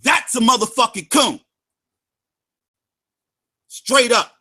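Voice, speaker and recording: A man hosts a livestream and rants heatedly at people who opposed him, often shouting and dropping into mocking sing-song taunts. His voice sits high and sounds hard-edged and forceful. He hammers his points home by repeating the same phrase again and again. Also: expressive, takes it slowly, breathy edge. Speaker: livestream host. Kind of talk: angry profane rant.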